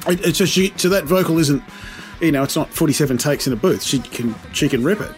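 A man with a British accent softened by New Zealand vowels, co-hosting a casual music podcast with sweary banter. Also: on the high side, lively intonation, fast talker. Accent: British with slight New Zealand vowels. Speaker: podcast co-host. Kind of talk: casual chat.

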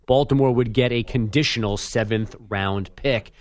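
A man's voice: medium pitch, moderate pace. A man hosting sports radio, reading a sports news update with dry, teasing remarks.

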